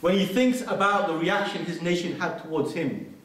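A preacher with a high, fairly bright voice gives an earnest lecture at a moderate pace in a large mosque hall, telling a story and reciting Arabic quotations. The hall is very echoey, and he stands far from the microphone.

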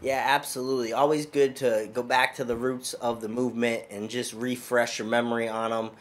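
A man's voice: mid-range voice, little pitch movement, brisk. A man hosting a casual strength-training podcast as a coach, talking in an upbeat, loose, conversational way.

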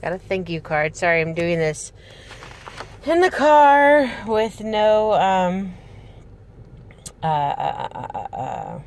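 A woman chatting casually and gushing excitedly while unboxing a gift, recorded on a handheld camera inside a car. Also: mid-range voice, slow, pauses often, slight background noise. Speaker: reborn doll vlogger. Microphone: handheld camera, no tripod.

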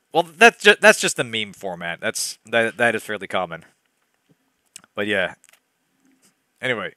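A man's voice: mid-range voice, sharp tone, dry recording, clean studio sound. A young man hosting a comic book-reading game, with wry, digressive asides. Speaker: let's-play host reading a bad novel.

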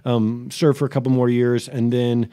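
A man's voice: mid-range voice, flat delivery, normal speed, warm tone, no echo, clean studio sound. A man in his forties from New England, a pastor telling his story in an interview with witty, self-deprecating, wordy humor. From New England, USA. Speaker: pastor, podcast guest.

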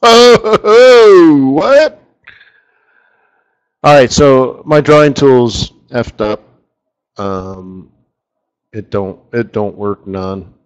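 A man's voice: on the low side, fairly even intonation, slow pace, clean tone, rough recording. A middle-aged man hosting a casual live trading webinar, talking in a rambling, chatty way with asides about his screen tools. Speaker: forex market strategist hosting a live webinar.

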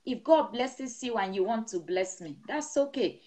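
A woman's voice: fairly high pitch, animated, moderate pace, dark tone. A middle-aged woman pastor preaching a sermon over an online broadcast, speaking in an emphatic, repetitive blessing cadence. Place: seated indoors.

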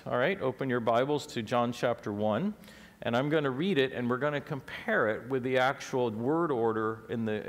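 A man's voice: medium pitch, creaky, big-room sound. A man preaching a teaching sermon to a congregation, explaining things step by step and asking them questions. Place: church sanctuary.

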